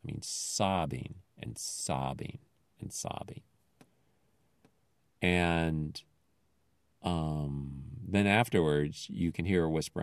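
A man's voice: rumbling low, unhurried, dry recording. A man casually retelling a television episode in a rambling, thoughtful way with many fillers.

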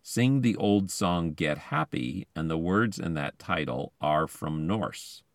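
A man with a notably low, deep voice reads an article aloud, stopping now and then for eager, chatty asides. He sounds close and dry, seated in a car with no room echo. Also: animated, takes it slowly. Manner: chatty, enthusiastic commentary between quoted passages. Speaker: podcast host.

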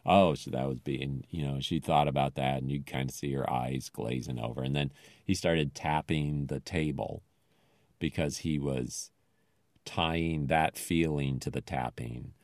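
A man's voice: extremely low pitch, steady tone, a little slow, dry recording. A man casually retelling a television episode in a rambling, thoughtful way with many fillers.

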